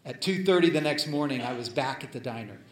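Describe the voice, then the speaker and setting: A male preacher telling a story in a sermon, dramatic and swinging between loud and hushed. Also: mid-range voice, animated, quick pace. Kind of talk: sermon storytelling, reading a letter aloud. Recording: echoey room.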